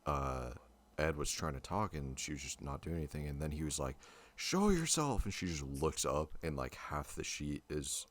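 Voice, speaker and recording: Young man, podcast co-host, extremely deep voice, slangy, enthusiastic. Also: flat delivery, moderate pace. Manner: slangy, enthusiastic, says bro and dude. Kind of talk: casual chat.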